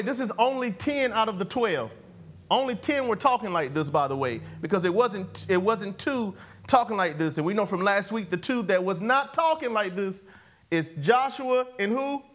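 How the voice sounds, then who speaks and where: A man preaches with a strikingly high voice, trading call and response with his listeners. He repeats his phrases, asks for an answer, and chuckles between points. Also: lively intonation, normal speed, a bit bright. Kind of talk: sermon.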